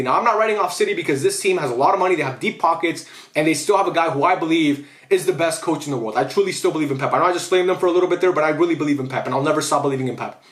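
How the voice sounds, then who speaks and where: Fast-talking young man, ranting football vlogger. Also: on the high side, echoey room. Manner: animated, swearing, repeats himself, self-interrupting. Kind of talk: casual reaction vlog.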